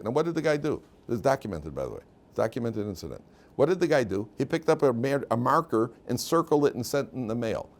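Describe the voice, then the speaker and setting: A man, a rabbi, teaching a weekly class in an animated storytelling manner, often restarting and repeating words. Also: medium pitch, quick pace. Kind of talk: storytelling lecture. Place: yeshiva classroom.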